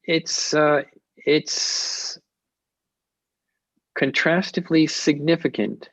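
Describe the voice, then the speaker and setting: A man answering audience questions in an academic webinar, speaking in a measured, hesitant way with many fillers and restarts, over a video call. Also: on the high side, steady tone, fairly bright tone, no echo. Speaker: invited lecturer answering questions. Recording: muffled lo-fi webinar audio.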